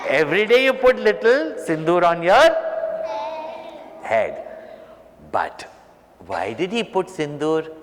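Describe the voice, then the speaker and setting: A man, a spiritual teacher, telling a story to children in an animated way and questioning them. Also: high-pitched, slow, pauses often, crowd noise. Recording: reverberant hall, faint noise.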